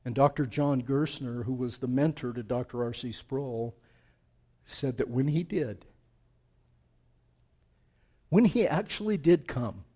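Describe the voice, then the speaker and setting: A middle-aged man, a pastor, preaching a sermon, swinging from loud urging to quiet, near-whispered asides. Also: medium pitch, a little slow, pauses often, slightly rough.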